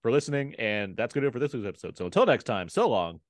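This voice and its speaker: A man's voice: mid-range voice, very animated, very fast. A young adult man co-hosting a movie podcast, chatting casually and laughing often. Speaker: podcast co-host. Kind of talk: casual chat and show sign-off.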